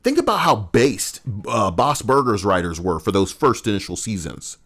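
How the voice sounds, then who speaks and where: A man's voice: on the low side, very animated, normal speed, fairly bright tone. A man chatting casually on a game livestream, profane and rambling. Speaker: game streamer.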